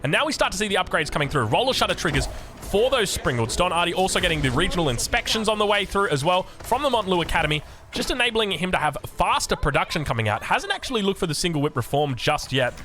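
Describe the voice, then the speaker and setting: An excitable Australian man commentating a strategy game, chatty and jokey, sometimes breaking into shouts. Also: sits high, fast talker. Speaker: game caster.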